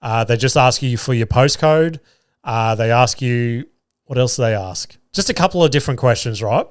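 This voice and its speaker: A man's voice: medium pitch, normal speed, no room sound. Australian man telling a story, dry mic. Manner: animated storyteller acting out dialogue, swearing freely. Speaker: podcast host. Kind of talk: casual storytelling.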